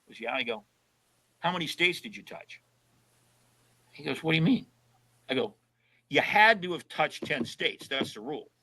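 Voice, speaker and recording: Speaking at a moderate pace with long pauses, this man has a slightly high voice with a breathy edge, heard through a low-quality recording. He's a podcast guest in his 70s telling casual road trip stories, animatedly performing the voices of people he quotes.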